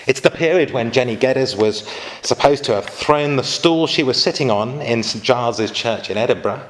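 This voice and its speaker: Brief: male lecturer, mid-pitched, informal history talk full of asides to his audience. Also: normal speed, slight background noise. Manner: chatty asides and rhetorical questions to listeners.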